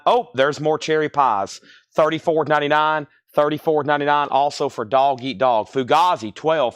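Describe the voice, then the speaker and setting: Brisk man calling a live record auction. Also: fairly high pitch, a bit bright, no room sound, clean studio sound. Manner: brisk, repeats prices, joking asides. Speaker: live record sale host. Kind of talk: live-stream auction patter. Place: record store.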